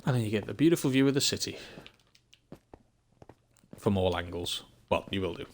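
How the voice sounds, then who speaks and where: A man's voice: on the low side, expressive, moderate pace. An English man from England chatting casually while streaming a game, rambling and thinking aloud with frequent chuckles.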